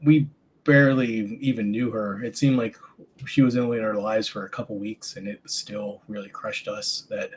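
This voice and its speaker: A man talking in a casual chat, easygoing and a little hesitant, pausing and restarting as he thinks aloud. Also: on the low side, steady tone, a little hiss or hum. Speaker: band member.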